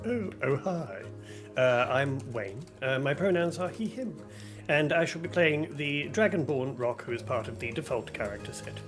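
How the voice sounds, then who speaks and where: An easygoing man chats as a player at a tabletop game. He speaks at a middle pitch with dry humor, and faint music sits behind him. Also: animated, moderate pace. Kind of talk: casual chat at a tabletop game.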